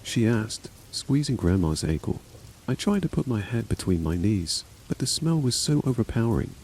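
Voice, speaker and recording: A man's voice: mid-range voice, big pitch swings, moderate pace, a little mellow, a little hiss or hum, low-quality recording. A man narrating a horror story as a scripted reading, voicing every character himself.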